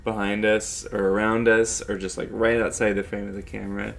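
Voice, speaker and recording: A man's voice: on the low side, flat delivery, a little fast, creaky, a bit bright. A man co-directing a film, talking through a casual director's commentary, rambling with many fillers and restarts.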